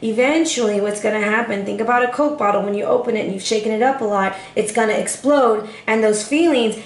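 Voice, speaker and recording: A woman's voice: on the high side, a bit bright, echoey room. A woman giving a casual tarot forecast straight to the viewer, sassy and chatty, calling her listener baby. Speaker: tarot reader.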